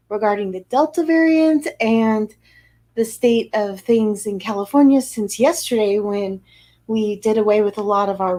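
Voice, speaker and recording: A woman's voice: medium pitch, mellow. A woman physician with an American accent giving an informal weekly health briefing, talking over slides in a conversational way with fillers and restarts. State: a little out of breath.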